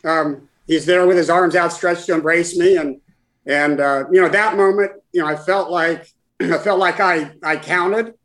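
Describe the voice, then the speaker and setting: A man in his sixties, a guest, telling a personal story in conversation in a halting, heartfelt way with many restarts. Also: on the high side, steady tone, a bit bright, rough recording. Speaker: guest, former caddie for his father.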